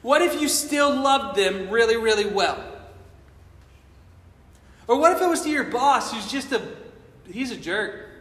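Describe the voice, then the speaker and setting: A man's voice: extremely high pitch, animated, measured pace, long pauses, fairly bright tone. A man preaching a sermon, full of impassioned rhetorical questions. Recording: echoey hall from far off.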